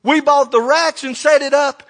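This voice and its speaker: Older pastor, high voice, folksy sermon storyteller who acts out his dialogue. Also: steady tone, normal speed, a bit bright.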